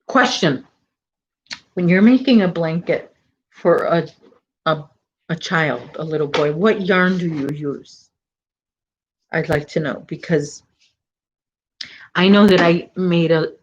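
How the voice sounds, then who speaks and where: Middle-aged woman chatting on a live crochet stream, lowish voice, kinda dull lo-fi sound, rambles and corrects herself. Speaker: crochet channel host. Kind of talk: casual live-stream chat reading comments.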